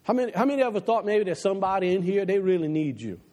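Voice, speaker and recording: A man preaching a passionate sermon to his church, dropping low and quiet for the advice he quotes, then climbing again. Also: lively intonation, rapid-fire, big-room sound. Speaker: pastor. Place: church sanctuary.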